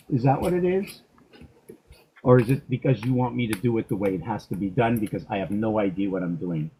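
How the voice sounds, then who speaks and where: A middle-aged man grooming a dog, talking to it in a soft, coaxing way and joking with himself as he works. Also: lowish voice, a little hiss or hum, rough recording. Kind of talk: rambling talk to a dog while grooming.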